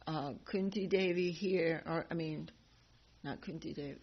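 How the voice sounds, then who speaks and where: In a devotional class, a speaker tells stories casually in a rambling, chatty way, often laughing and correcting themselves. The voice is medium-pitched and steady at a measured pace, and the class recording is dull and lo-fi with faint noise.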